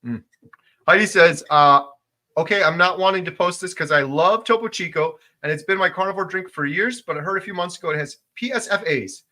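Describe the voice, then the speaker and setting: Emphatic, bright-voiced male livestream host. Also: high voice, fairly quick. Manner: emphatic, gets loud when making a point. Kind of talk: casual livestream chat reading viewer comments.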